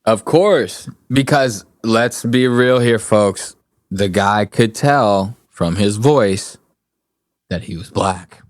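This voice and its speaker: Profane, laid-back young podcast host. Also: male voice, on the low side, slow pace, no echo, clean studio sound. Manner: loose, profane, laughing often, mimics voices in stories. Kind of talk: casual podcast chat.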